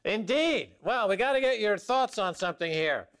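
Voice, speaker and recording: A man's voice: high-pitched, lively intonation, normal speed, a bit bright, smooth. A man hosting a financial talk show, joking wryly and laughing at his own lines. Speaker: show host.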